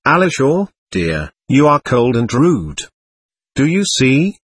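A man reading a storybook, voicing an excitable, teasing young invalid woman with quick, playful talk. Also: mid-range voice, breathy edge, no room sound, full character voice.

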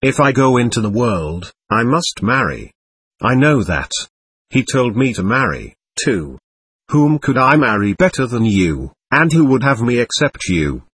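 A man's voice: medium pitch, very animated, a little slow, fairly bright tone, husky, exaggerated voice. Man voicing a shy, earnest young man. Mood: sincere.

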